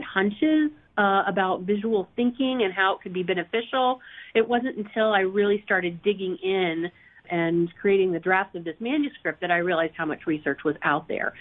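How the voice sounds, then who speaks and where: A woman educator and author as a guest, thoughtful, with frequent fillers and self-corrections, heard over phone-line audio. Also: mid-range voice. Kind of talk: interview answer.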